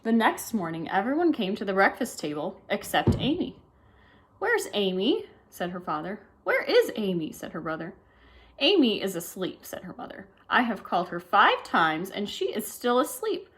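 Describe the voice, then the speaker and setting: Lady reading a kids picture book out loud, voice bouncing all over the place, chatty little asides about the pictures. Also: mid-range voice, normal speed, a little hiss or hum. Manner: lively, animated read-aloud with asides about the pictures. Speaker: storybook reader.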